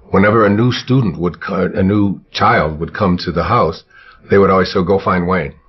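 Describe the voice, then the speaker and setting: An older man with a husky voice, telling childhood stories in an interview, rambling with fillers and restarts. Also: low voice. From United States. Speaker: interview guest. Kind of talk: reflective storytelling interview. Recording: dull lo-fi recording.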